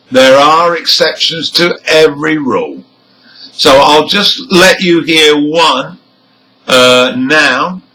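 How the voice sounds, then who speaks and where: A man teaching English word stress, reading example words one by one, marking the stressed syllables clearly and nodding on them. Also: fairly high pitch, bright, forceful tone, low-quality recording. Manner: nods his head up on stressed syllables. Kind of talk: slow, deliberate pronunciation lesson.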